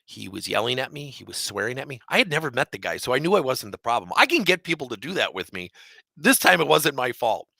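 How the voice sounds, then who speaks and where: A man leading a leadership training session, telling a coaching story with animated, acted-out dialogue. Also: medium pitch, quick pace, gravelly, no room sound.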